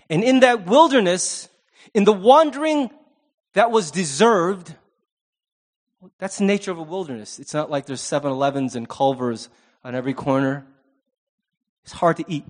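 High-voiced man preaching with humor. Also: normal speed, pauses often. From Asian American. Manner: conversational preaching with humorous asides and acted quotes. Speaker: pastor. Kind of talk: sermon.

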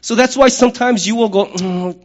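A middle-aged man preaching a sermon as pastor, conversational and humorous, with lively acted-out asides. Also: sits high, moderate pace, dull audio.

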